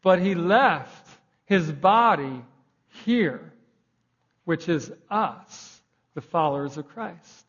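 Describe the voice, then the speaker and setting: A man's voice: a little high, animated, takes it slowly, a bit bright, breathy edge. A young man preaching a sermon in a conversational way, raising his voice for emphasis. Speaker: pastor. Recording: dull lo-fi recording.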